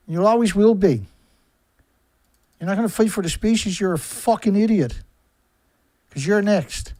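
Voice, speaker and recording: A man delivering an angry, profane monologue to camera, firing rhetorical questions that build from low and subdued to loud shouting. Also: moderate pace, long pauses, no room sound, poor audio. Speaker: environmentalist video commentator.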